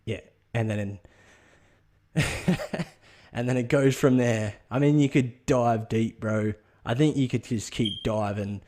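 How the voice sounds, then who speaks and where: Man, low voice, sweary, rambling comic monologue, podcast host. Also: unhurried, a little mellow.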